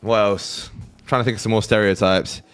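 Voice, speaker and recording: A man's voice: fairly low pitch, steady tone, normal speed, smooth, soft background music. A young British man hosting a live trading stream, chatting casually with his viewers, joking, swearing and laughing freely. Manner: banters with chat, swears freely, laughs often. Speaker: livestream trading host. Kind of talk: casual livestream chat with viewers.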